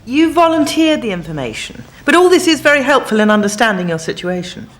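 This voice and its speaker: An actress playing a calm, probing psychiatrist. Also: female voice, a little high, brisk.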